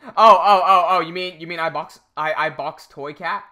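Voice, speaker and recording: Young guy from hong kong, american english accent, really bright voice, chatting on stream reading comments. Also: a little high, moderate pace. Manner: chatty, reads viewer comments aloud. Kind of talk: casual livestream chat.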